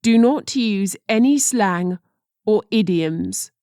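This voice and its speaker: Slow, careful woman reading phrases. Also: mid-range voice, expressive, mellow, clear, resonant tone, no room sound, clean studio sound. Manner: slow and deliberate, careful pronunciation. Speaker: language teacher.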